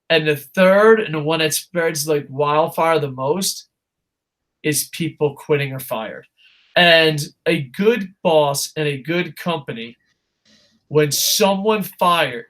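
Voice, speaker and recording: Casting note: high-voiced guy, profane and animated, co-hosting a wrestling chat. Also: slow. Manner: profane, animated ranting with acted-out quotes. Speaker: podcast co-host. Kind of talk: casual wrestling talk.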